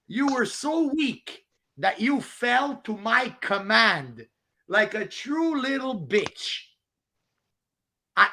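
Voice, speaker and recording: High, gravelly man ranting and mocking. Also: bright, forceful tone. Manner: mocking, profane, laughing at a rival. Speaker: livestream host. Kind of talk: ranting livestream chat. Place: outdoors on a walk in the rain.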